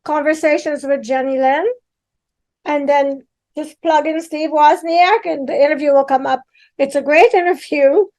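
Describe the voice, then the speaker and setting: A woman hosts a casual podcast chat, her voice pitched notably high. She sounds upbeat and keen as she praises a guest and passes the floor to her co-host. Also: fairly even intonation, moderate pace, darkish tone.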